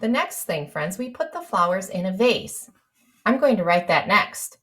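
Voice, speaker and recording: A woman teaches an early-grade writing lesson, modelling a story for young children while she elongates sounds and letters and prompts them to spell along. Her voice is medium in pitch and a bit bright, very animated and sing-song, at a normal pace.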